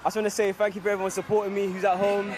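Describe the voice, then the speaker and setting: A young man from the UK, a dunk contest winner giving a halting, grateful post-win interview full of fillers. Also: high voice, completely flat delivery. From United Kingdom. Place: outdoor arena with cheering crowd. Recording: loud crowd noise.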